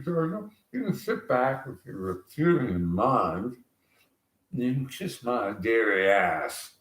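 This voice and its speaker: A man's voice: mid-range voice, big pitch swings, slow pace, fairly bright tone. A man on a rambling political rant, sarcastic and chuckling often, recorded in an echoey room. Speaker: vlogger.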